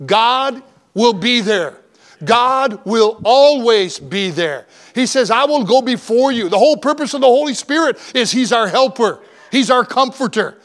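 A man's voice: very high-pitched, animated, unhurried, fairly bright tone. A male pastor preaching a fervent sermon, repeating words and lists for emphasis and reading scripture aloud. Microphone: church microphone, broadcast on radio.

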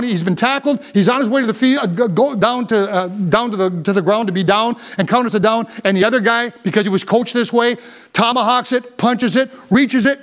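High-voiced impassioned older preacher. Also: male voice, brisk. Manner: impassioned preaching, rising to near shouts. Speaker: pastor. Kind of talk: sermon.

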